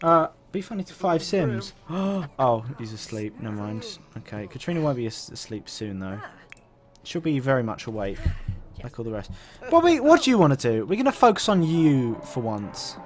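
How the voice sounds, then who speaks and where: Lively sweary young man gaming. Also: medium pitch, moderate pace. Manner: sweary, excitable, reads game options aloud. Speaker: let's play host. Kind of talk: casual gameplay commentary.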